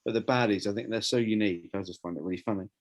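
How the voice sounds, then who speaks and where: A man's voice: lowish voice, racing. Laughing, self-deprecating male podcast co-host. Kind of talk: casual podcast chat.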